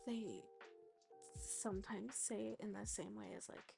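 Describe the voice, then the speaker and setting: A woman's voice: medium pitch, fairly even intonation, unhurried, vocal fry, music in the background. A woman streamer chatting casually while she crochets, rambling and often trailing off into a near-whisper.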